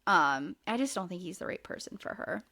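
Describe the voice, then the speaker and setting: Here a podcast host recaps a reality show in casual conversation, her lowish voice bright and forceful with lively intonation, moving a little fast. She talks loosely, leans on lots of fillers, and swears freely now and then.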